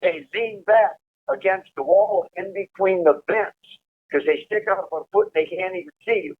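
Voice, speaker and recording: A man telling a profane, animated prison story over a prison phone call. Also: sits high, moderate pace. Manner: profane, animated storytelling, laughing at his own tale. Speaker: incarcerated caller telling prison stories. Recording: tinny phone line.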